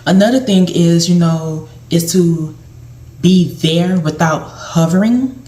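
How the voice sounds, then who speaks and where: A woman's voice: fairly low pitch, slow pace, mellow. A woman speaking to camera about caregiving, in a conversational way that often repeats and restarts phrases. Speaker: caregiver giving advice. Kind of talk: casual advice talk to camera. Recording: echoey room.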